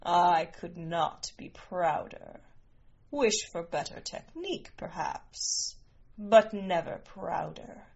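A woman voicing a fierce, regal priestess queen who is maternal to her daughter, speaking low and slowly. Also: fairly even intonation, muffled recording. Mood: proud.

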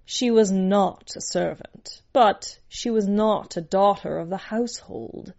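A woman narrating a story aloud in an unhurried, measured storytelling manner. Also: medium pitch, gravelly, darkish tone, dull audio.

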